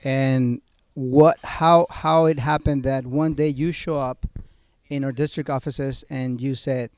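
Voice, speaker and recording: A man from a school district who hosts the interview and asks questions in an earnest, halting way, often repeating words. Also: mid-range voice, steady tone, a little mellow, clear, resonant tone, dry recording.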